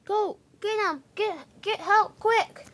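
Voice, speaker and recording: Lady doing a high squeaky workman guy, yelling and freaking out, voice jumping all over. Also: sing-song, unhurried, slight background noise. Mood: panicked. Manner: shouts in panic, high and strained. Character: excitable railway workman, adult man.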